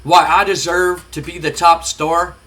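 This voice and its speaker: A cocky male pro wrestler , put on by a man, rants in a sharp, forceful voice pitched a touch high. He boasts and taunts with heat and defiance. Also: flat delivery, measured pace. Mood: boastful.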